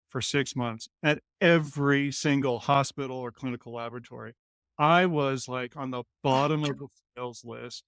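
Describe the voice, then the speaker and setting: A man from Colorado, a company CEO, telling a lively story as a guest in an interview and acting out the voices of the people in it. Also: a little high, clean tone, no room sound. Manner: animated, acts out quoted lines in other voices.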